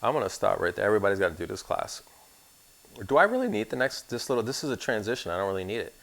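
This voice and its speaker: A man's voice: fairly low pitch, very animated, racing, a bit bright. A man teaching an insurance course in a recorded class, with sarcastic, joking asides.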